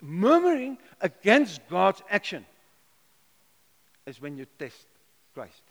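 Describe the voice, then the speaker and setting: A man's voice: high-pitched, very animated, slow pace, vocal fry, fairly bright tone. A man preaching a sermon, emphatic, repeating words and asking rhetorical questions. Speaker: pastor. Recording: long hall reverb.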